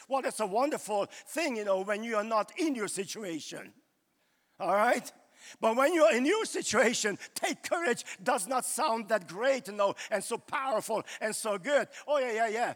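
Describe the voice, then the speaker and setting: A man's voice: very high voice, expressive, moderate pace, fairly bright tone, in a large hall. A male pastor preaching a sermon in a loose, conversational way, full of "you know" fillers, recorded live in a church.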